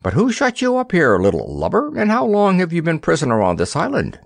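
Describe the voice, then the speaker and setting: A man's voice: fairly high pitch, huge pitch swings, a little fast, gravelly, no echo, studio quality, pitched above the performer's own voice, exaggerated voice. A man playing a hearty, blustery old sea captain with salty sailor talk in an audiobook.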